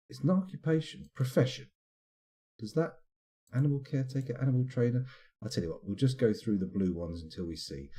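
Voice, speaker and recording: A man's voice: medium pitch, warm tone. A man streaming live gameplay commentary, chatty and self-mocking with wry asides. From United Kingdom.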